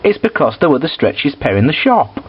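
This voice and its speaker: A man's voice: fairly high pitch, sing-song, fairly quick, slightly rough, lo-fi sound. A man reviewing films in a casual, blunt and sweary way, with frequent fillers. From United Kingdom. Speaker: film reviewer.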